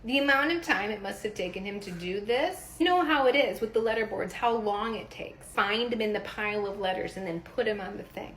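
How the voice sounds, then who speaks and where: A woman's voice: mid-range voice, a little fast, few pauses, fairly bright tone. A woman in her thirties telling funny stories in a casual vlog, chatty and swearing, laughing often. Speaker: vlogger, mom.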